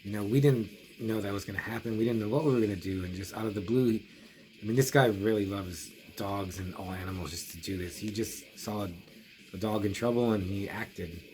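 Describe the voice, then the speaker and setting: Music plays in the background as a middle-aged man spins a rambling tale for his horror review vlog, full of restarts and quoted asides. His voice is on the low side and darkish in tone, and he talks a little fast.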